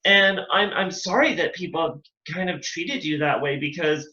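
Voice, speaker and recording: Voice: mid-range voice, moderate pace, pushed and bright. A drag queen hosting a casual interview, enthusiastic and full of compliments. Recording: echoey, muffled lo-fi audio.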